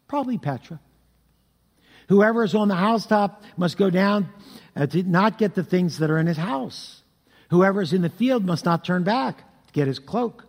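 Husky-voiced preacher in a reverberant hall. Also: male voice, sits high, moderate pace. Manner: animated storytelling with sound effects. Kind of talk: sermon.

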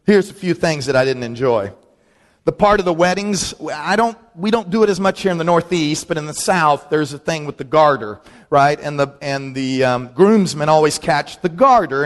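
A middle-aged man, a pastor, telling humorous personal stories in a sermon and acting out friends' voices. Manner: storytelling, animated, acts out quoted friends in a higher voice. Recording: long reverb of a large hall.

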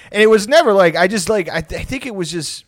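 A man's voice: high voice, animated, a little fast. A young man co-hosting a podcast, telling stories in a rambling casual way with lots of fillers. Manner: rambling with many "like" fillers, laughing. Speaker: podcast co-host. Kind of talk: casual chat.

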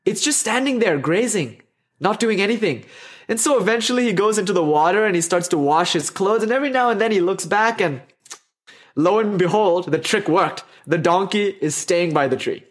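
A man talks through a teaching story in a loose, chatty way. He laughs easily and often wanders off on tangents. His voice sits slightly high for a man. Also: animated, normal speed. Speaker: speaker telling a teaching story. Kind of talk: casual spoken storytelling.

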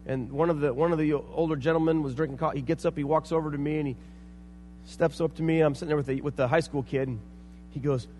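A middle-aged man, preaching a sermon, telling stories and acting out quoted voices, then building to loud emphatic points. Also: on the high side, steady tone, fast. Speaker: pastor. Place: church sanctuary. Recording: long hall reverb, faint hum.

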